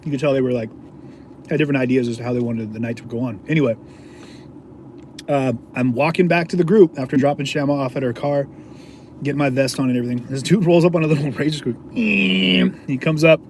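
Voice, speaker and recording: A man's voice: mid-range voice, fast talker, darkish tone, a little hiss or hum. A man, an independent video journalist, casually telling a story to his viewers in a slangy, laid-back way, chuckling often.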